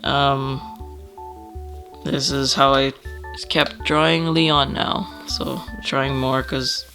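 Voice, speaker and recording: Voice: medium pitch, flat delivery, takes it slowly, gravelly, sharp tone, soft background music. An artist casually flipping through a sketchbook, rambling, swearing, laughing often and trailing off, with a slightly stuffy nose.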